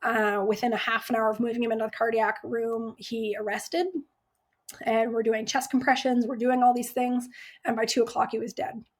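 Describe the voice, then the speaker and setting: Animated woman telling an ER story. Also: fairly high pitch, normal speed. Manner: emotional, animated retelling with many "like" fillers. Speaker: ER nurse guest. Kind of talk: candid podcast storytelling.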